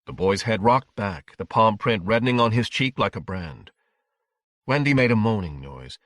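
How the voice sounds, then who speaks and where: A man narrating an audiobook in a measured, steady way. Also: fairly low pitch, no room sound, clean studio sound.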